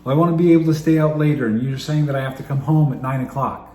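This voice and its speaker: A man's voice: mid-range voice, quick pace, dark tone, voice pushed up, close to an everyday voice. A man putting on a whiny upset kid. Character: upset pouting child arguing with dad. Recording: roomy room echo.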